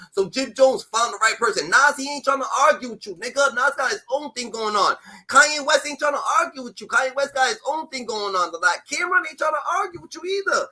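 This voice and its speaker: A streamer commentator with a New York accent delivers a heated, profane rant reacting to a rapper, peppering it with repeated "da, da, da" fillers. His voice sits high and sounds pushed and bright.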